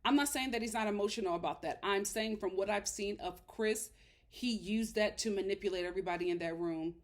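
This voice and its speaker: A woman's voice: medium pitch, brisk. A woman reviewing a reality show in casual commentary, sassy and emphatic as she talks the episode through.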